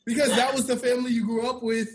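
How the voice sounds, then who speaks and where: High-voiced man telling candid stories. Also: little pitch movement, fast, slightly rough. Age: 30s. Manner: candid, reflective storytelling. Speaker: podcast co-host and business owner. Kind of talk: casual chat.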